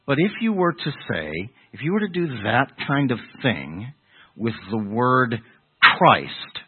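A man's voice: mid-range voice, sing-song, measured pace, breathy edge. A male preacher from delivering a sermon, rambling with restarts and rhetorical questions to his congregation. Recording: tinny phone-like sound.

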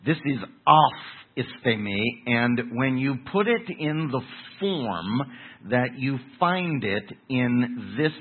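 Husky male preacher on a tinny line. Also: medium pitch. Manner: methodical, explains Greek words, rises in emphasis. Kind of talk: expository Bible teaching.

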